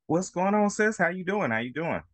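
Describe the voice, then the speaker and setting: A man, a singer, talking as a podcast guest in a relaxed, easygoing way with lots of fillers. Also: sits high, fairly quick, no echo. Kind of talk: casual interview.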